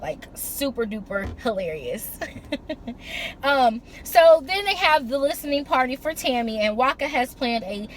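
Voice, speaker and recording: A woman's voice: sits high, very animated, measured pace, a little hiss or hum. A woman recapping a reality TV episode in a casual, chatty way, mixing summary with blunt, sassy opinions. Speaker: reality TV reviewer.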